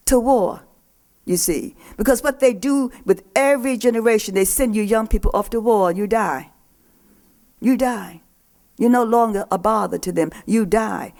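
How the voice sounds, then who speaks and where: A woman's voice: fairly high pitch, a little mellow. An older woman, a poet and professor, gives a live talk to young people at a poetry festival. She speaks emphatically and repeats her key phrases for effect.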